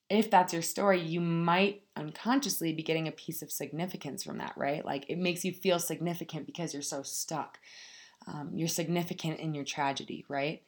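A woman giving a casual motivational talk, speaking frankly and swearing freely as she addresses her listeners directly. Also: lowish voice. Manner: frank, profane, addresses listeners as "you guys".

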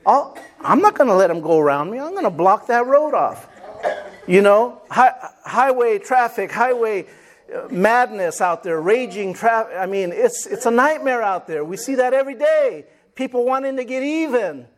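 A man with a notably high voice preaching a sermon to his congregation. He calls out for amens and acts out everyday stories to make his point. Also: expressive, moderate pace. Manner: preaching with call-and-response amens and acted-out stories. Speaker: pastor.

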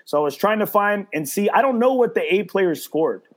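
A man's voice: high-pitched, expressive, brisk. A man hosting a casual podcast, telling a story with lots of swearing and stumbling restarts. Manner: storytelling with profanity and repeated restarts; quotes others in a mocking voice. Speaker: podcast host. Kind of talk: casual chat.

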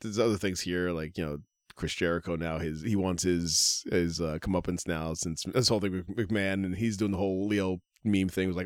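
A man's voice: low voice, steady tone, brisk, no room sound, studio quality. A man co-hosting a podcast in laid-back, rambling casual chat. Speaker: podcast co-host.

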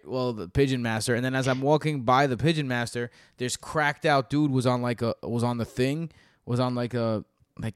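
A man's voice: mid-range voice, smooth, dry recording, clean studio sound. A man hosting a fantasy football podcast, chatting casually and steering the talk with questions. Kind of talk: casual sports chat.

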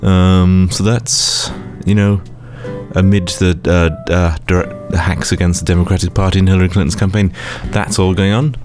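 A man's voice: deep voice, level tone, a little slow, over music. A man giving a rambling, comedic news rundown, hesitant and full of fillers.

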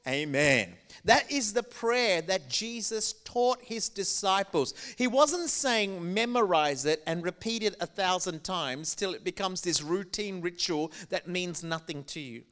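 A middle-aged man born in Malaysia preaching a sermon in an animated, conversational way, drawing the congregation in. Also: high-pitched, unhurried, few pauses. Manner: animated, conversational, engaging the crowd. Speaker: pastor.

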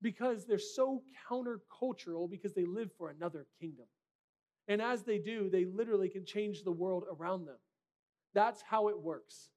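A man's voice: sits high, normal speed, darkish tone. A man preaching a sermon as a pastor, in a direct, conversational way with rhetorical questions.

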